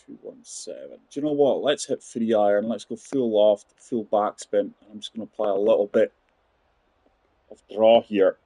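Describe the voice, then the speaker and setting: A man's voice: fairly low pitch, moderate pace, dark tone, husky, no room sound. A man in his forties giving chatty, rambling commentary while playing a golf video game and talking to his viewers. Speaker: gaming channel host. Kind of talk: casual gameplay commentary.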